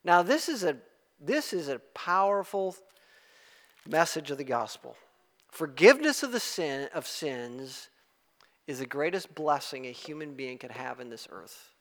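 A man preaching a sermon, emphatic and rising to loud exclamations. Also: fairly high pitch, animated, unhurried. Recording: long hall reverb.

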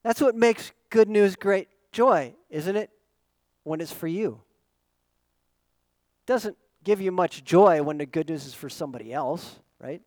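A middle-aged man preaching a sermon as pastor, asking rhetorical questions and swinging between loud emphatic lines and soft asides. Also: high-pitched, unhurried, no echo, rough recording.

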